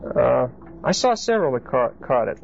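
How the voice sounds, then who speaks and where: A man's voice: mid-range voice, big pitch swings, moderate pace, vocal fry. A man teaching a Bible study class, explaining each point and often checking in with his listeners. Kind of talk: Bible study lecture to a group. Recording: dull lo-fi recording with faint background hiss.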